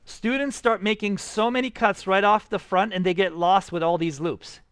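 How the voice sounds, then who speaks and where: An upbeat man teaches a class, coaxing his students through every step. His voice sits high for a man. The sound is close and dry, with no room around it. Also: steady tone, moderate pace, fairly bright tone, smooth, no echo. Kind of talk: live classroom software tutorial.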